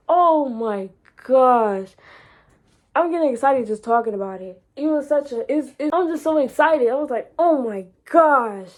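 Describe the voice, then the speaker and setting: A young woman vlogs in a casual storytelling voice that sits slightly high. She repeats and restarts phrases and gets louder and higher as excitement builds. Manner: animated, repeats words, rises high and loud when excited. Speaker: vlogger and entrepreneur.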